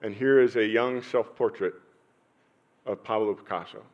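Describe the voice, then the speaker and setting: A middle-aged man preaching a sermon as pastor, telling personal stories with pauses and sudden swells in loudness. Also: fairly low pitch, fairly even intonation, lo-fi sound.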